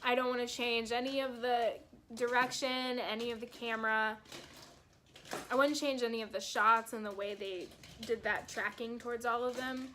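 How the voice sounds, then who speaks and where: A young woman chatting casually as a vlogger, an excitable fan who laughs often and swears freely. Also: on the high side, normal speed, slight background noise. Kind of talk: casual movie review chat.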